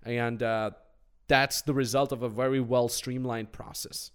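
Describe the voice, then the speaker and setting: A man hosting a podcast, talking casually about coaching clients. His voice sits at an ordinary middle pitch. He tells his stories with lively acted-out quotes. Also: measured pace, smooth. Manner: animated storytelling with acted quotes. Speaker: podcast host and business coach.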